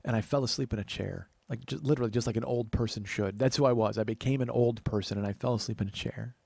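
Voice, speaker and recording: A man's voice: mid-range voice, quick pace, creaky, a little mellow, breathy edge, dry recording. A man in his forties telling stories in a casual podcast monologue. He chats freely, swears offhandedly and acts out the people he quotes. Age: 40s. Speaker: podcast host.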